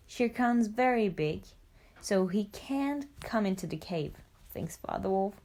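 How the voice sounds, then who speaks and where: A woman narrating a storybook for language learners, reading clearly and deliberately. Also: mid-range voice, animated, a little mellow. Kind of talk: graded-reader storybook narration.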